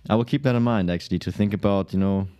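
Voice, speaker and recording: A man hosts a podcast interview. He talks haltingly, circling back over his words. His voice is very deep and warm. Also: smooth, soft background music. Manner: halting, many restarts and fillers. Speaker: podcast host. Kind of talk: interview questions and reflections.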